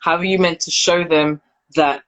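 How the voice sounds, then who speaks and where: Low-voiced woman host, reflective. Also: steady tone, moderate pace. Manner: affirming, reflective, many soft agreements. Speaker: podcast host. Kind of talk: supportive interview chat.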